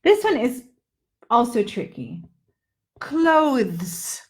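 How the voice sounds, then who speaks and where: A middle-aged woman leads a live pronunciation lesson at an unhurried pace. Her voice sits a little high, and she stretches each word out in playful repetition drills. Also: lively intonation. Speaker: English pronunciation coach.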